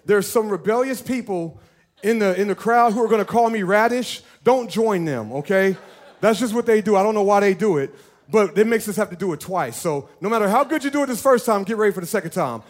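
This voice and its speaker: High voiced guy pastor preaching, lively and joking with the church. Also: fairly quick. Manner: animated, playful, talks to the congregation. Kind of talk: lively sermon.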